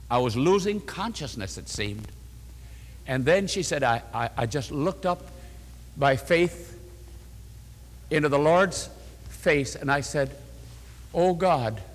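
A man preaching a sermon, earnestly retelling a woman's letter and then guiding listeners to take notes. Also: a little high. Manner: earnest storytelling, retelling a letter with rising emotion. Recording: long hall reverb.

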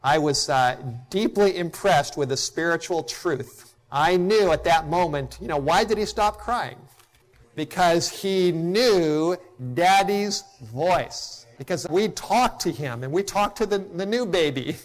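Impassioned preacher man, slightly high voice. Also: animated, slow. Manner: impassioned, rising to emphatic peaks then dropping soft; storytelling with acted quotes. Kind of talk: sermon.

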